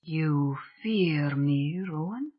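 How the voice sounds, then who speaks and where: A sorrowful male spirit speaks in a low, vibrant whisper with a Scottish accent, voiced by an audiobook reader. He draws out every word slowly, seductive yet possessive. The recording sounds dull and muffled. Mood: hushed longing.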